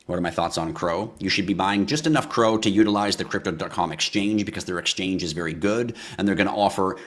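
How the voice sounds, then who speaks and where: A man hosting a livestream, answering chat questions in a ranting style with swearing and sudden bursts of yelling. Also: sits low, fast talker.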